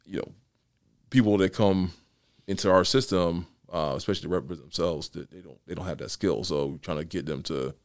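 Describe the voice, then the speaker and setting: A man's voice: low voice, a little fast, dry recording, clean studio sound. A man who is a county court judge, chatting casually in a long, rambling way with many restarts. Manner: rambling, many restarts and "you know" fillers. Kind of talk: casual podcast conversation.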